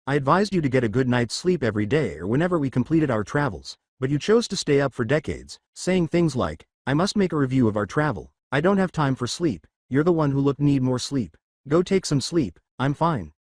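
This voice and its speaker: A man's voice: medium pitch, big pitch swings, normal speed, a little mellow, no echo, studio quality. A man voicing a cheeky male servant who lectures and mocks his immortal master in a fan story reading. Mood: scolding. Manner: mocking, scolding.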